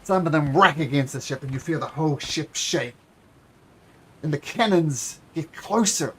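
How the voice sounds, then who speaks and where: A man's voice: a little high, a bit bright, slightly rough. A man running a tabletop game as game master, narrating scenes with frequent fillers and restarts. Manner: descriptive, halting with fillers and restarts.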